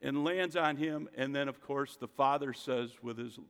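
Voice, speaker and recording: A man's voice: mid-range voice, moderate pace, a bit bright, smooth. Preaching man with hall reverb. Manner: emphatic preaching, rhetorical questions. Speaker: pastor. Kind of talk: sermon.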